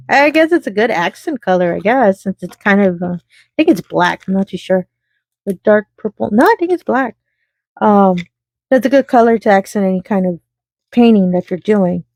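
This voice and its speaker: A chatty woman talks her viewers through a craft project, giggling now and then as she sorts beads. Her voice sits in a middle pitch and is recorded close and dry, with no room sound around it. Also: a little mellow, no echo. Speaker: craft channel host. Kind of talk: casual crafting chat.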